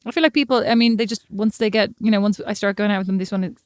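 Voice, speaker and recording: An Irish woman co-hosting a podcast in casual chat, playful, laughing often and telling lively stories. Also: medium pitch, fast, no room sound, clean studio sound. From Ireland. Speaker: podcast co-host.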